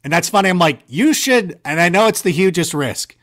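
A man telling rambling, self-mocking anecdotes in a casual chat, with lively jumps in his voice. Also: high voice, fairly quick.

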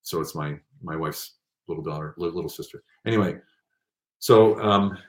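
A man telling rambling, animated anecdotes with many fillers in a casual interview. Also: low-pitched, normal speed, reverberant. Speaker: guest.

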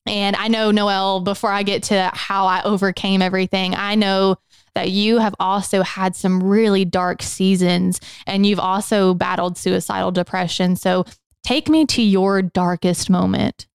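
A young adult woman co-hosting a podcast, telling her own story in an earnest, emotional way, slowing down on the hardest moments. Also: medium pitch, steady tone, clear, resonant tone, dry recording. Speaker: podcast co-host. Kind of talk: candid personal testimony.

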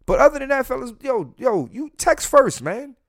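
Man, podcast host, casual solo rant, profane and blunt, repeats himself, pitch jumps around a lot. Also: big pitch swings, normal speed, fairly bright tone. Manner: profane, blunt, talks straight to the listeners; repeats words and restarts often. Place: home room near a window.

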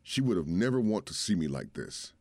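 A man's voice: sits low, sing-song, fairly quick, vocal fry, a little mellow, no echo, full character voice. A man voicing a remorseful young ex-soldier who confesses in shame to his father. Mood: ashamed. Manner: ashamed, tearful confession.

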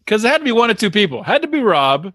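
A man's voice: sits high, big pitch swings, very fast, sharp tone, husky, no echo, clean studio sound. A man co-hosting a podcast in casual chat, speculating and thinking aloud. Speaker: podcast co-host.

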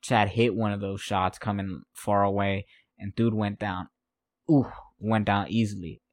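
Man, podcast host, casual fight recap, rambling and repetitive, lowish voice, dry sound. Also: little pitch movement, a little slow, no echo. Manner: rambling, repeats himself, laughs at his own notes.

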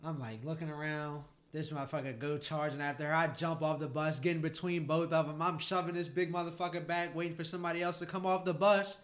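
Animated storytelling man, swearing freely. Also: fast, few pauses. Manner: animated, profane storyteller, voice jumps high when excited; laughs while telling. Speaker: podcast co-host. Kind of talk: casual storytelling.

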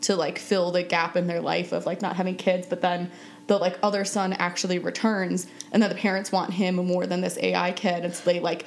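A woman's voice: fairly low pitch, flat delivery, a little fast, creaky. A woman co-hosting a podcast in casual chat, talking loosely with lots of "like" fillers and laughing through her stories. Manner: chatty, many "like" fillers, laughs while telling stories. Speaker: podcast co-host.

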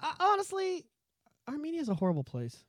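A man co-hosting a casual podcast, talking in a loud, profane and animated way, often breaking into shouts. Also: very high-pitched, a little fast, no echo, clean studio sound. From Canada. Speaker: podcast co-host.

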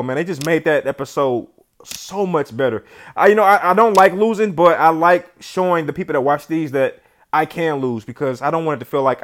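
Excitable slangy gamer man. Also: a little high. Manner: excitable, swings from yelling to muttering; slangy and chatty. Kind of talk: let's play commentary.

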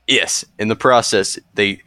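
A young man in his early twenties co-hosting a casual podcast, teasing with short deadpan quips. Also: on the low side, a little slow, clean tone, dry recording, studio quality. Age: young adult. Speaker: podcast co-host. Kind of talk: casual chat.

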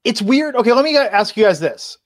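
A man's voice: very high voice, very animated, fairly quick, dry recording, studio quality. A man co-hosting a casual wrestling podcast, recapping the night's show with easy asides. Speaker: podcast co-host.

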